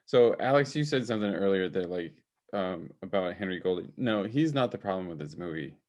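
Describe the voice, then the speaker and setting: A man's voice: deep voice, expressive, fairly quick, a little mellow. A man co-hosting a casual film podcast over a video call, talking enthusiastically with many fillers. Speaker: podcast co-host, film reviewer.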